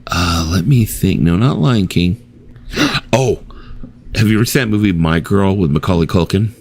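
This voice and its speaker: A man's voice: low-pitched, moderate pace, darkish tone. A middle-aged man hosting a casual late-night chat stream, swearing freely and acting out his own reactions as he tells stories. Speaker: stream host.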